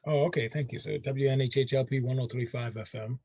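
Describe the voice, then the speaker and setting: A man hosting a casual radio talk show, emphatic and animated, often laughing. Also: medium pitch, a little fast, husky, no echo.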